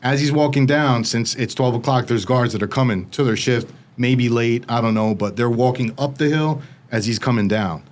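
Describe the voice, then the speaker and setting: Male podcast guest, middle pitch, vivid casual storyteller, studio mic. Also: moderate pace, few pauses. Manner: vivid storytelling with frequent "like" fillers. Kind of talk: recounting a personal story.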